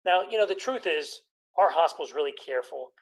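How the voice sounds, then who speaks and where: A middle-aged man, a doctor, doing a stand-up comedy routine, telling deadpan jokes and putting on quick voices of patients. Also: fairly high pitch, poor audio. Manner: deadpan joke delivery with put-on patient voices.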